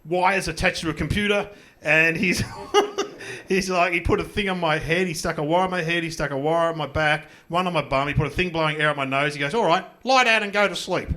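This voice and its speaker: A man's voice: on the high side, steady tone, brisk, sharp tone. A middle-aged man with an Australian accent doing a self-mocking, chatty stand-up comedy set on a club stage. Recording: live club recording with audience noise.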